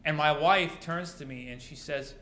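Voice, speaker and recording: A man's voice: fairly high pitch, moderate pace, sharp tone, slight background noise. A male pastor preaching a sermon to his congregation, mixing rhetorical questions with dry humor. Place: church sanctuary. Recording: roomy church echo.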